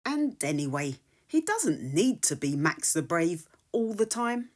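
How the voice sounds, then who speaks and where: A woman reading a children's picture book aloud in a soft, whispery storytelling voice. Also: lowish voice, big pitch swings, unhurried. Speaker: storybook reader.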